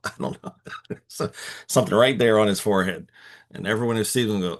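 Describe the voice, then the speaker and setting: Low-voiced man musing over scripture. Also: brisk, creaky. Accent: Texan. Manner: musing, conversational, many fillers and restarts. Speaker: Bible study host. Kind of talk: casual Bible reading and reflection.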